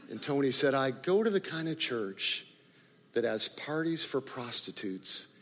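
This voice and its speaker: A male pastor telling a story in a sermon, animated in the story and quiet and low in the prayer. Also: a little slow. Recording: long reverb of a large hall.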